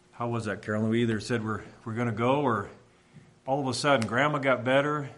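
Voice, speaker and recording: A middle-aged man from Washington telling a personal faith testimony in a halting, reflective way, often pausing and restarting. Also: mid-range voice, fairly bright tone. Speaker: speaker sharing a testimony.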